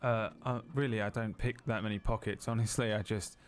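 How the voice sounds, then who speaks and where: A man's voice: fairly low pitch, steady tone, brisk, clear, resonant tone, close to an everyday voice. A man doing a nervous young thief. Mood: flustered. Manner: hesitant, stammering with fillers.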